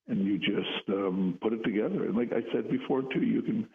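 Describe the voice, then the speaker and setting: A man's voice: on the low side, fairly quick. Earnest older man on a phone line. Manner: earnest, repeats words when starting sentences. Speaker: psychologist guest. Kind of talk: radio chat.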